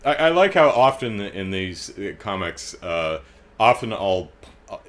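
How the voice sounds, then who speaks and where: Low-voiced middle-aged man, chatty commentary. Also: sing-song, a little slow. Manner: chatty, with frequent fillers and restarts; amused, wry asides. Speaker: host reading and discussing comics. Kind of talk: casual spoken commentary.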